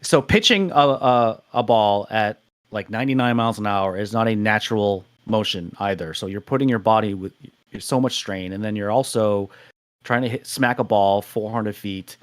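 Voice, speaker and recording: A man's voice: on the low side, moderate pace, dry recording. Male co-host, casual sports talk, dry close mic. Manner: reads stats, then chats with restarts. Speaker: podcast co-host.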